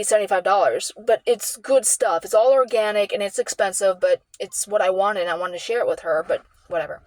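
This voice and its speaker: A woman vlogging an emotional personal story in a rambling, halting way, full of restarts and repeats. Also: medium pitch, no room sound.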